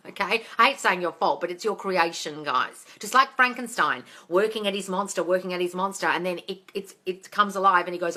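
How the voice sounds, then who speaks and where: A woman's voice: fairly low pitch, brisk, bright, forceful tone. A woman hosting a casual live-stream Q&A. She reads out viewer comments, swears freely and calls listeners darling. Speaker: host of a manifesting Q&A live stream.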